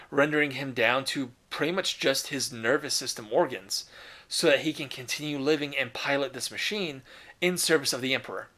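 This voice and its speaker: A man talks through a casual commentary video with enthusiasm and slangy, unfiltered phrasing. His voice sits a little above the typical male pitch. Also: fairly bright tone. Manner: enthusiastic, casual, swears and laughs.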